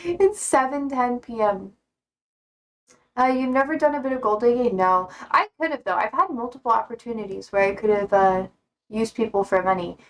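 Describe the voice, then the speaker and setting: A young woman streamer chatting casually, reading out viewer comments, blunt and quick to swear and laugh. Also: fairly high pitch.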